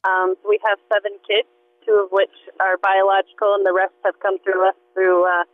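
A woman's voice: mid-range voice, monotone, fairly quick, dry recording. Woman asking over a tinny phone line. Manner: earnest, searching, trailing off with fillers. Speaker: caller. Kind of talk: phone-in question.

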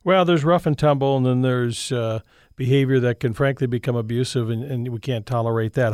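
A man's voice: medium pitch, moderate pace, a little mellow, no room sound, clean studio sound. A man hosting a radio call-in show and giving parenting advice in a conversational, rambling way with restarts.

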